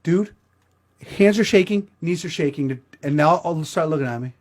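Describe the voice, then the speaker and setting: A man's voice: a little high, expressive, moderate pace. A middle-aged man telling a crude, self-mocking comedic story as the show's host.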